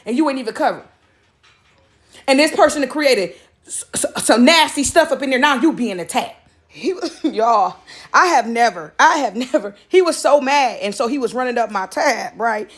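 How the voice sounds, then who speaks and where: A woman in a casual, animated monologue, acting out other people as she tells stories. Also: high voice, fairly quick. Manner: animated storytelling, mimics others.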